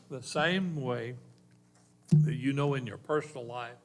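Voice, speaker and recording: A man preaches a sermon in a church. His delivery is earnest and homespun, full of country expressions, and his voice sits at an ordinary middle pitch. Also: slow. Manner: folksy, earnest preaching with rural turns of phrase. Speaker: pastor.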